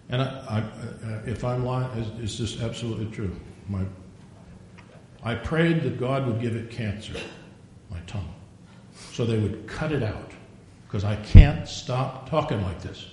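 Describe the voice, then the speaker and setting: A man's voice: mid-range voice, animated, normal speed, mellow. Echoey older male preacher telling stories. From Norwegian. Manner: folksy storytelling, acts out dialogue. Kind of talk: sermon. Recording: very echoey room, faint noise.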